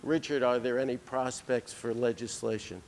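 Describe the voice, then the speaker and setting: A man voicing a gentle, soft-spoken male priest who has invested money, speaking low and slow in a hushed way. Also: fairly even intonation, slight background noise, natural voice. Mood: hushed concern.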